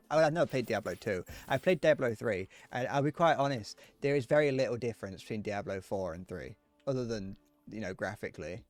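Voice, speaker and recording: A man's voice: mid-range voice, expressive, a little fast, no room sound, faint music behind. A man chatting casually on a live stream while gaming, rambling, joking and answering chat messages.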